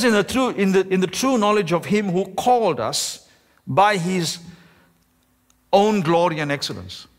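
A man, the pastor, preaching a sermon with emphasis, slowing down and stretching key words. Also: high voice. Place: church sanctuary. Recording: echoey church hall.

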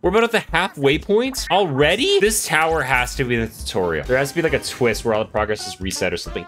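A young man giving scripted gameplay commentary in a playful, mock-boastful and excitable way. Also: a little high, fairly quick. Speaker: gaming YouTuber. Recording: game music under voice. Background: game music.

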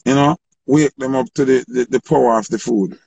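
A man with a Jamaican accent talking haltingly in a casual livestream chat. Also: medium pitch, fairly even intonation, vocal fry, darkish tone, slightly rough, poor audio. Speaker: livestream co-host.

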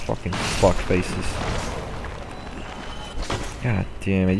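A man's voice: sits low, slow, long pauses, slight background noise. A man commenting on his own gameplay, frustrated and swearing, muttering to himself.

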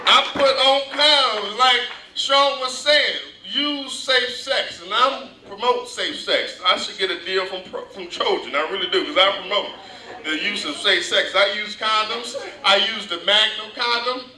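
A man's voice: high-pitched, a little slow, pushed and bright, rough recording. A man performing a stand-up comedy set, telling stories in a loose, profane, conversational way.

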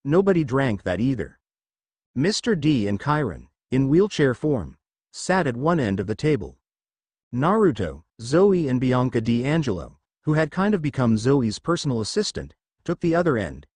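A man reading a first-person fantasy story aloud as narrator, giving every character the same even narrating voice. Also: medium pitch, moderate pace, no room sound.

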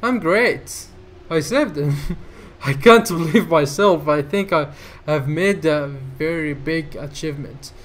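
A man narrating his playthrough in a fairly high voice. He talks slowly and reacts excitedly to what happens on screen, reading the game's lines aloud as he goes. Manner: excitable, reads game dialogue aloud and laughs often. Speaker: gamer. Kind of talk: let's play commentary.

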